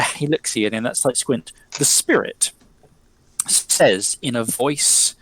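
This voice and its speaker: A man's voice: medium pitch, unhurried, fairly bright tone, poor audio. A man narrating a tabletop role-playing game as game master, rambling with many ums and likes.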